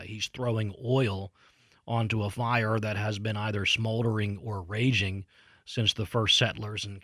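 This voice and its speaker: A man's voice: lowish voice, fairly bright tone, dry recording, studio quality. A man hosting a political talk show, giving an indignant, emphatic commentary monologue with frequent fillers and restarts.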